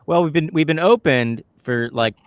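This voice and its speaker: A man's voice: a little high, moderate pace, a crowd in the background. A man hosting a casual chat at a comedy club, talking through upcoming shows and plugging them. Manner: chatty, promotional, talks through plans. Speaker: host.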